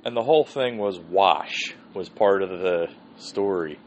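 Low-voiced dude rambling thru a story, swears a ton, keeps laughing, muffled lo-fi sound. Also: male voice, fairly even intonation, unhurried, few pauses. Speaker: podcast host. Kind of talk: casual storytelling. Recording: dull lo-fi sound with faint hiss.

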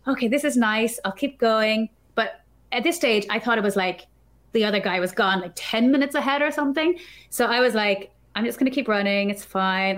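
A woman guest on a podcast, telling a story in an animated, chatty way, full of filler words. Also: on the high side. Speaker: podcast guest, developer advocate. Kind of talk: casual storytelling chat.

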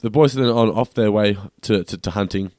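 A man co-hosting a podcast, recapping scenes in steady, low-key casual chat. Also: fairly quick, dry recording, clean studio sound. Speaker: podcast co-host.

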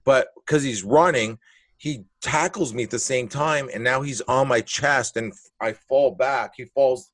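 A man's voice: mid-range voice, a little slow, no room sound. Blunt, profane man telling a story. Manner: animated, blunt, profane storytelling with acted-out moments. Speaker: comedian guest. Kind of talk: casual storytelling.

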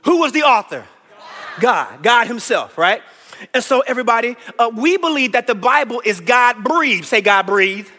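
A man's voice: very high voice, sing-song, moderate pace, sharp tone, faint music behind. A man preaching a Bible lesson in a church, eagerly coaxing the congregation to call out answers. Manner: enthusiastic, coaxing the room to answer aloud. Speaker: preacher teaching a Bible class. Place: church hall. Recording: echoey church hall.

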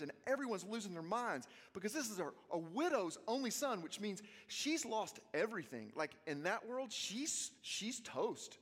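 Animated preacher in a reverberant hall. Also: male voice, high-pitched. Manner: animated, swings between hushed and loud, acts out quotes. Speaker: youth conference speaker. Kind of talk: energetic sermon.

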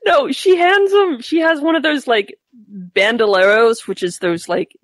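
Halting woman with a dry, close sound. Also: on the high side, no room sound. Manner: halting, stammering restarts. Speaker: tabletop game player. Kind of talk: casual tabletop game chat.

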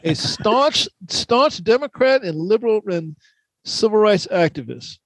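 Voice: mid-range voice, expressive, measured pace, dry recording, poor audio. A podcast co-host in casual chat, reading out facts with amusement.

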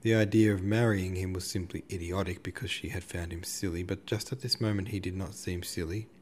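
A man narrates a classic novel in a measured, steady manner. His voice is low and deep. A faint hiss runs beneath the reading. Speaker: audiobook narrator. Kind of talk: literary audiobook narration.

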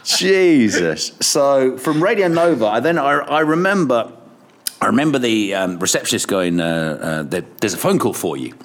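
A man's voice: medium pitch, very animated, normal speed. A middle-aged man, a radio presenter, telling anecdotes in a casual interview, swearing freely and laughing often. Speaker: radio presenter, podcast guest.

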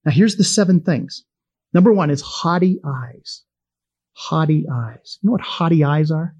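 A middle-aged man gives a Bible teaching in a folksy, storytelling manner. His voice is husky and sits a little high for a man. He chuckles easily and keeps it conversational. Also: unhurried, a little mellow, dull audio.

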